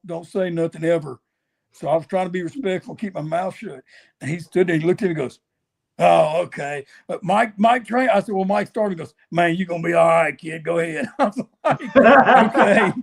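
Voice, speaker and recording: A man tells wrestling stories in a folksy, lively way, jumping into the voices of the people he quotes. His voice sits high for a man and carries a gravelly rasp. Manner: folksy, animated storyteller who acts out quotes. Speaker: guest, wrestler. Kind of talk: storytelling interview.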